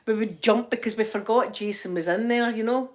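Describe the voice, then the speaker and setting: A woman's voice: fairly high pitch, a little fast. An older woman with a Scottish accent chatting casually to her viewers at home. She rambles through stories with frequent laughter and fond asides. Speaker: vlogger. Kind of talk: casual chat to camera.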